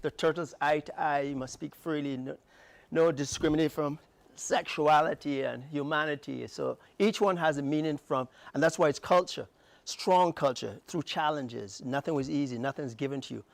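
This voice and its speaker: A middle-aged Barbadian man speaks in a morning TV studio, passionate and emphatic, his voice jumping up in bursts. His voice sits fairly high for a man. The sound is close and dry. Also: creaky, no echo. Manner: passionate, emphatic, fast bursts with rising outbursts. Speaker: guest. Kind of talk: morning TV interview.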